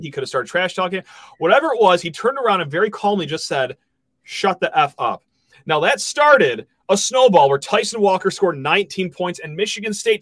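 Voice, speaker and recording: A man hosting a casual sports podcast, joking and laughing as he talks through the year's highlights. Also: dry recording. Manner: joking, quick laughs, animated. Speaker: podcast host.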